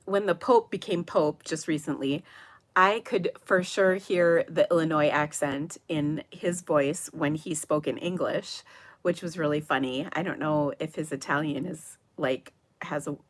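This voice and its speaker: Speaking in a low, unhurried voice, a middle-aged papercraft show host rambles and giggles through a casual live chat as she reads her viewers' comments.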